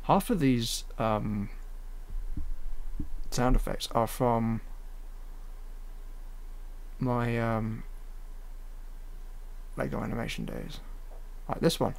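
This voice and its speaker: A man with a gravelly, mid-range voice draws out his words and pauses often, rambling casually with lots of fillers. He's an animator editing his own fan series at a home computer, commenting as he works.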